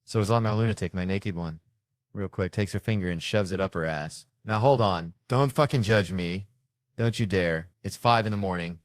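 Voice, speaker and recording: A man's voice: lowish voice, brisk, dry recording, studio quality. A man doing stand-up, telling stories in a profane, exasperated, punchy way. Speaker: stand-up comedian. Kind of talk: stand-up storytelling.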